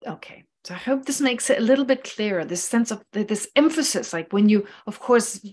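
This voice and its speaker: A woman's voice: mid-range voice, expressive, fairly quick, a little mellow. A woman teaching Buddhist philosophy in an online class, explaining carefully and repeating key phrases. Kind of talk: online lecture. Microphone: online class microphone.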